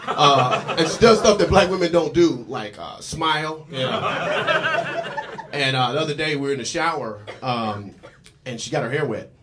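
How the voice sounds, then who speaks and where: Rambling male stand-up comic, loud room. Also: medium pitch, lively intonation, normal speed. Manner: loose, rambling delivery with many fillers. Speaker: comedian. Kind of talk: stand-up comedy set. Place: comedy club stage. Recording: loud noisy live club recording. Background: audience laughter.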